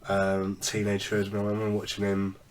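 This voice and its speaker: A man with a low voice chats loosely on a podcast, full of ums and restarts. He sits a little off the mic, with a faint hiss behind him. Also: completely flat delivery, fairly quick, distant mic. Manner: rambling, many fillers and restarts. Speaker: podcast co-host. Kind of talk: casual chat.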